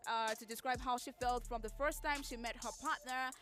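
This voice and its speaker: A woman's voice: on the high side, fairly even intonation, normal speed, fairly bright tone, faint music behind. A woman hosting a radio show, chatting casually through entertainment news and reacting openly to each story. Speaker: radio host. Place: radio studio.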